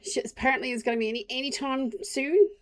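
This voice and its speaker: A woman's voice: high voice, fast talker. An Australian woman chatting casually to her viewers while streaming a game, rambling from topic to topic. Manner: rambling, chatty, talks to chat while playing. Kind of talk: casual live-stream chat.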